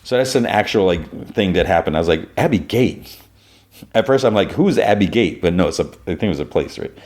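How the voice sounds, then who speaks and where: A man hosting a podcast, chatting casually through a TV recap in a lively, animated way. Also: sits low, fast talker. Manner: chatty, animated retelling with voices. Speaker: podcast host.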